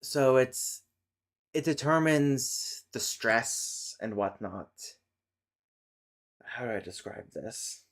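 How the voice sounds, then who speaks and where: A man's voice: mid-range voice, lively intonation, slow, long pauses. A man casually reading a linguistics text aloud on a stream, breaking off into exasperated, swearing rants. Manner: swears, self-correcting. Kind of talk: casual live stream chat.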